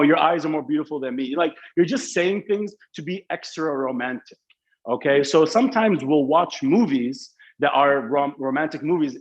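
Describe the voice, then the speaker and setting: A man's voice: fairly high pitch, highs cut off. A young man teaching an online English class, explaining slang in a casual, playful way.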